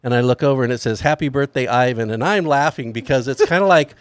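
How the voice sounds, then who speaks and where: A man's voice: medium pitch, fast talker, clear, resonant tone, dry recording. A middle-aged man on a podcast, telling a family story in casual chat and acting out the quoted lines. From California. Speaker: podcast host.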